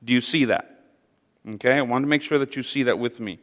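A man leading an interactive Bible study, speaking haltingly with fillers and repeated words and putting questions to his audience. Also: mid-range voice, a bit bright. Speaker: Bible teacher. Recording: long reverb of a large hall.

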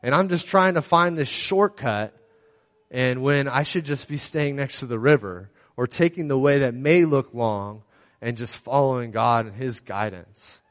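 A man's voice: mid-range voice, measured pace. Young man telling a faith story in a reverberant hall. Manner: rambling storytelling with many fillers. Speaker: speaker sharing a faith testimony. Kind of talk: casual personal testimony.

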